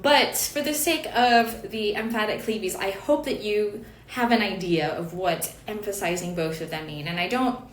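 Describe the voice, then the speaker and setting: A woman's voice: mid-range voice, moderate pace, few pauses, echoey room, a little hiss or hum. A woman giving an online lesson on chant notation, explaining patiently with fillers and small asides. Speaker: chant teacher.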